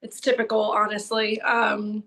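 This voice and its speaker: Bright Southern-accented woman, chatty. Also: mid-range voice, flat delivery, a little slow, creaky. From Tallahassee, Florida. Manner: chatty and giggly, lots of "like". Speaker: guest. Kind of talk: casual video-call chat. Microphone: video call.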